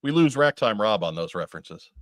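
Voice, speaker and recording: A man with a fairly low voice joins in casual podcast banter, stopping and restarting his sentences. The sound is dry and close, with no room around it. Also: very animated, dry recording. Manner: halting, restarts with repeated words. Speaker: podcast co-host.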